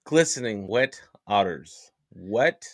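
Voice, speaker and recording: A man's voice: on the low side, expressive, slow pace, no room sound, clean studio sound. An American man hosting a reaction video, reacting with slangy disbelief. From United States. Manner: incredulous, slangy. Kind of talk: casual reaction chat.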